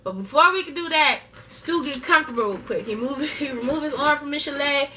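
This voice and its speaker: A woman's voice: sits high, a little fast, sharp tone, a little hiss or hum. A woman giving a chatty, gossipy recap of a reality TV episode, laughing often. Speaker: TV show reviewer. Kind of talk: casual show recap.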